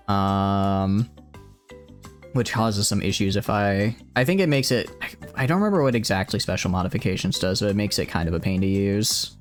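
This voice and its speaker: A man streaming a game live, thinking aloud excitably and chatting with viewers, with hiccups. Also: medium pitch. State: has hiccups. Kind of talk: live gameplay commentary.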